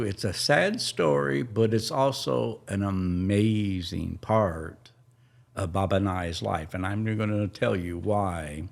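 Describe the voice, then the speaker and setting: A man hosting a podcast, telling a personal family story in a slow, halting, tender way. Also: fairly low pitch, gravelly. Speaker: podcast host.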